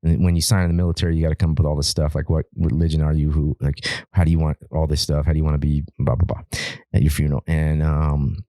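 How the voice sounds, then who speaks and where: A man's voice: a bass voice, little pitch movement, fast, mellow, no echo, studio quality. A man from Alaska, a wildland firefighter, telling a long story on a podcast in a rambling, profane way, with many repeated words and restarts.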